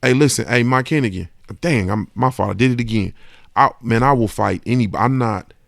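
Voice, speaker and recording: A podcast host delivers a casual, emphatic monologue in a mid-range, creaky voice at a slightly quick pace. He swears freely and keeps asking "you understand what I'm saying" to check the listener follows. The recording is studio quality with no room sound.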